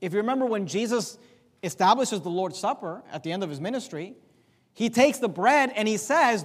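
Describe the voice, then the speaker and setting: A man preaching a sermon with passion, dropping into low asides and rising to loud emphasis, often repeating words as he presses a point. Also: lively intonation, a little fast, in a large hall. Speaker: pastor.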